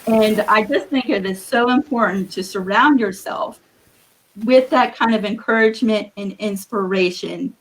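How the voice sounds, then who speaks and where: A woman giving earnest, encouraging quilting advice as a guest on a live video call, with a husky morning voice. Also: fairly high pitch, low-quality recording. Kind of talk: live-streamed advice talk.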